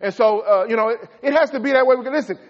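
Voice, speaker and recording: A middle-aged man preaching a folksy sermon as a pastor, swinging between shouts and quiet asides. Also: very high-pitched, rapid-fire. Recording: echoey hall, dull lo-fi sound.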